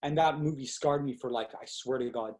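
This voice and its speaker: A young man as a podcast guest, telling stories in a lively, casual way and acting out quotes, with lots of "like" fillers. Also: medium pitch, fairly quick. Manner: animated, acts out quotes with fillers like "like". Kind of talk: casual storytelling chat.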